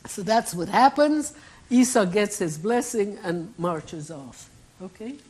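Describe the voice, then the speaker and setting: A woman at a lectern retells an ancient family drama for a live audience. Her voice is a bit breathy and husky and sits at a middle pitch. She tells it with expressive storytelling flair. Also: takes it slowly, poor audio. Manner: vivid, expressive retelling with asides. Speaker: keynote speaker.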